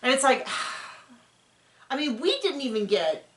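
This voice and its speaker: A woman hosting a casual reaction show. She talks in an animated, sarcastic way and often mimics people. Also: sits high, slow. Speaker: podcast host recapping a reality show. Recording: roomy home room.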